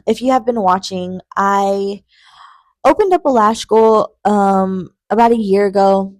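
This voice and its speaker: Speaking at a measured pace, a young adult woman with a medium-pitched, darkish voice guides the viewer through a lash tutorial. She's a lash artist, and her vlog is chatty and casual, full of "girl" and "okay?" check-ins.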